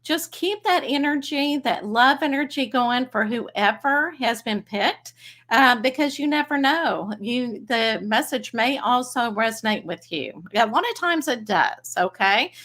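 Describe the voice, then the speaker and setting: A bubbly woman with a Texas accent chats casually to her livestream audience. Her voice sits a little high. She talks in a friendly, rambling way and laughs easily. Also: expressive, unhurried, fairly bright tone. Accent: Texan. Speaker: psychic medium livestream host.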